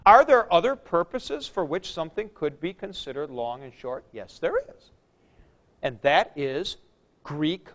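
A man's voice: fairly high pitch, a bit bright. A man teaching a Greek grammar class, explaining patiently and repeating the key points. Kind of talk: classroom lecture.

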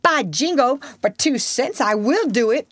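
A woman's voice: on the low side, big pitch swings, measured pace, a bit bright, no room sound, studio quality. A woman voicing a brash young boy from a storybook, taunting and spoiling for a fight. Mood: daring. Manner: taunting, cocky boyish bluster.

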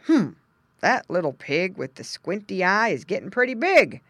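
A woman voicing a good-humored middle-aged male farmer in a children's storybook reading, speaking in amused, gruff interjections. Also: medium pitch, sing-song, normal speed, fairly bright tone, dry recording.

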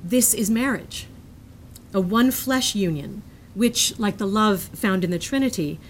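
A woman reading a prepared lecture aloud in a measured, earnest manner, sometimes breaking off into self-amused asides. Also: mid-range voice, slight background noise.

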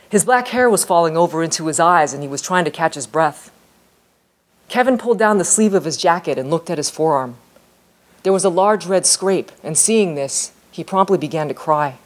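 A woman author reading her novel aloud in a steady, measured storytelling voice. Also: fairly low pitch.

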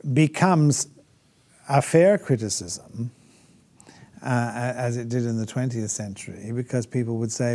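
Speaking in a dark, mid-range voice, this man lectures on theology without a script in a classroom. His delivery is hesitant and packed with fillers and restarts, and he poses rhetorical questions while imitating critics.

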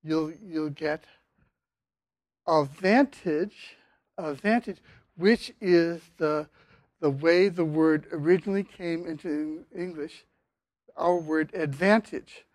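An older man giving a university linguistics lecture, speaking haltingly with many fillers and restarts. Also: on the high side, steady tone, darkish tone, no room sound. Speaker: linguistics professor.

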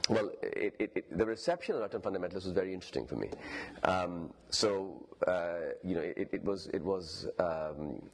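A man's voice: low voice, brisk, vocal fry. A man with a Pakistani English accent, a novelist giving an explanatory lecture and thinking aloud.

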